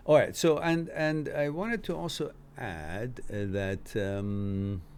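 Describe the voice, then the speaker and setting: A man's voice: mid-range voice, takes it slowly, a little mellow, clear, resonant tone. A man hosting a live stream, reading out viewers' chat comments and answering them in a loose, chatty way, laughing now and then. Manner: reads out chat comments and replies, laughs easily. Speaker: livestream host answering viewer questions.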